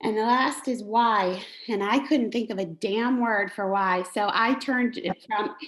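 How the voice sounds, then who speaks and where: A woman in a group video chat, cheering a friend on in an animated, laughing way and swearing casually. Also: mid-range voice, a little slow. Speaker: group member giving encouragement. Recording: echoey room.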